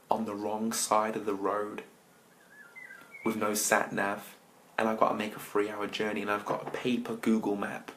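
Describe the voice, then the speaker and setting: An English man, a motivational speaker, tells a lively personal story and talks to the listeners directly. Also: on the low side, slight background noise. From England. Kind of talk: storytelling talk.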